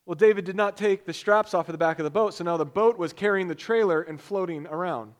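A high-voiced man preaching a sermon, weaving a personal story into the message. He tells it in an animated, storytelling way, with loud bursts when he gets excited. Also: fast talker. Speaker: pastor.

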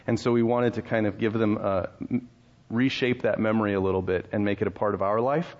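A man's voice: fairly low pitch, steady tone, a little fast, darkish tone, highs cut off. A male pastor in his thirties preaching a sermon in a conversational, storytelling way, with rhetorical questions and laughs.

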